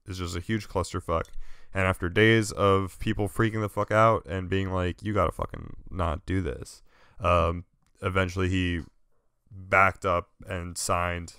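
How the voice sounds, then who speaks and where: A young American man with a low, smooth, resonant voice co-hosts a casual podcast over a remote call. He explains news at length in an animated, profane way. The audio is dry and close. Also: dry recording. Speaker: podcast co-host. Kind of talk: casual political chat.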